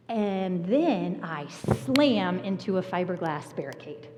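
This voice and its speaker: A woman pastor preaching a sermon, telling a personal story with animated energy and laughter. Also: mid-range voice, unhurried, hardly any pauses, lo-fi sound, a little hiss or hum. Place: church sanctuary. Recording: long reverb of a church hall.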